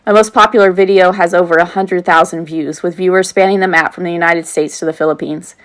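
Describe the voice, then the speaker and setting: A woman in her forties narrates her own audiobook as a teacher, her voice sitting a little low for a woman. She reads earnestly and now and then breaks off into a casual aside before going back to the text. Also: steady tone, brisk. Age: 40s. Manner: earnest reading with off-script asides. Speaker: teacher and author reading her own book. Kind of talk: self-read audiobook narration.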